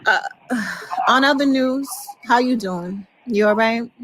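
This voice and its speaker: A woman's voice: on the high side, slow, a bit bright, a little hiss or hum, low-quality recording. Emotional woman venting on a call. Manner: emotional, vents with repeated fillers like "you know". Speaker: wife on a phone call to her jailed husband. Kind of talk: casual phone conversation.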